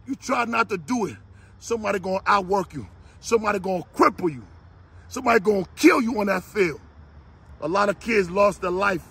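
A man with a raspy, gravelly voice giving a fiery motivational speech, shouting repeated exhortations like a preacher. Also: sits high, expressive, brisk. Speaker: motivational speaker.

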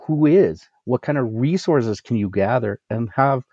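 A man giving energetic business advice as a coach, asking rhetorical questions and laughing at himself. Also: mid-range voice, unhurried, breathy edge, dry recording, lo-fi sound. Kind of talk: casual business interview.

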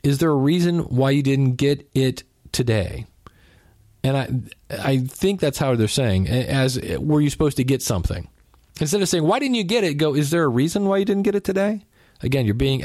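A man's voice: mid-range voice, a little mellow, dry recording, clean studio sound. A man hosting a podcast, giving casual relationship advice in a conversational way, with joking asides and quoted lines acted out. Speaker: podcast host.

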